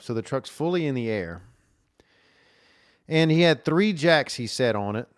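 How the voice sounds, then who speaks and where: A man's voice: mid-range voice, lively intonation, moderate pace, no room sound, clean studio sound. A man hosting a solo podcast, telling stories in a rambling way with lots of fillers and restarts. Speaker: podcast host. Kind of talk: casual solo podcast monologue. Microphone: camera recording at a desk.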